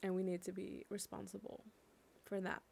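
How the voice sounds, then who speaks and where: A young woman from California giving impassioned personal commentary on camera, emotional and swearing freely, slowing down to stress her points. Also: medium pitch, completely flat delivery, gravelly, a little mellow, breathy edge. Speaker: vlogger.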